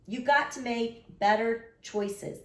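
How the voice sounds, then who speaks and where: A woman's voice: fairly high pitch, slow, voice pushed up. A woman reading aloud, voicing a tired middle-aged father who lectures his son seriously. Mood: stern. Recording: roomy echo.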